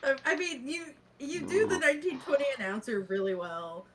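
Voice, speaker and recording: A woman's voice: sits high, sing-song, a little fast, over a noisy crowd. A young woman co-hosting a casual podcast chat, laughing often as she talks. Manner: giggly, laughs often while talking. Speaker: podcast co-host.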